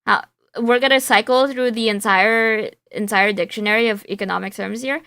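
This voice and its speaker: A woman's voice: on the high side, steady tone, normal speed, bright, forceful tone, no echo. A young woman streaming a game, chatting playfully and reading the game's dialogue aloud with a light valley girl lilt.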